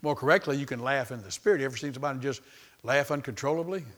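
A man's voice: mid-range voice, racing, fairly bright tone. A man preaching a sermon, emphatic and repetitive, calling out to the congregation.

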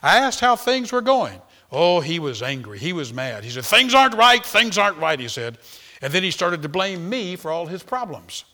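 A man preaching a sermon, retelling stories dramatically with sudden swings between loud calls and quiet asides. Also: on the high side, big pitch swings, moderate pace. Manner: dramatic storytelling with big swings of volume.

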